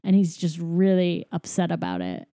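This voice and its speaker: Recapping a movie in casual chat, a podcast co-host speaks with a lowish, sing-song voice of dark tone at a moderate pace. Her retelling rambles, packed with fillers and frequent laughter, and the recording is dry and clean, studio-grade.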